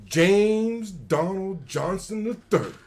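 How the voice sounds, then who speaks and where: A middle-aged man with a fairly high voice tells war-shop stories in a loose, chatty way. He slips into the other people's voices as he quotes them, keeping the telling lively. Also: slow, a little hiss or hum. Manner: animated, acts out quoted dialogue. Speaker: retired special forces soldier, guest. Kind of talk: casual storytelling on a livestream.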